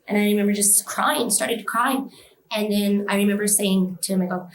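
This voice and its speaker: A woman's voice: medium pitch, fairly even intonation, normal speed, reverberant, poor audio. A woman telling a personal experience in an interview, emotional and vivid, acting out the voices of others. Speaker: interview guest.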